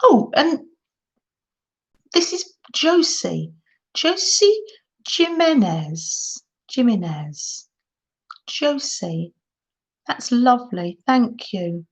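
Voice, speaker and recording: A woman's voice: a little high, very animated, extremely slow, long pauses. An older woman, gushing in a casual livestream chat while she shows crafts to viewers. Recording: dull lo-fi sound.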